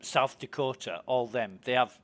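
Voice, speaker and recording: A man's voice: medium pitch, moderate pace, a bit bright. Chatty British man streaming a game. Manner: chatty, curious, asks questions. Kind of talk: casual chat while gaming.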